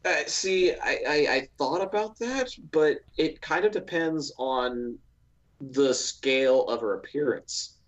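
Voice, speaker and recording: A man's voice: a little high, takes it slowly. Male co-host, casual talker, keeps restarting his sentences, dull lo-fi mic sound. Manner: rambling, with many restarts and filler likes. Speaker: podcast co-host. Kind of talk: casual podcast chat.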